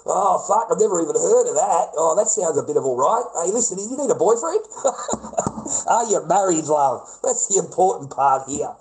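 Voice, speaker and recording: A high-voiced Australian man rambles through a casual livestream, swearing constantly and bantering loudly with callers. His talk is rowdy and unfiltered. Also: big pitch swings, moderate pace, low-quality recording.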